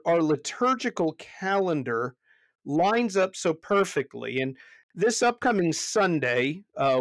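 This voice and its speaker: A pastor chatting casually on a podcast about a movie, animated, often restarting and repeating words as he goes. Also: no echo. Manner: animated, jumps high when retelling scenes.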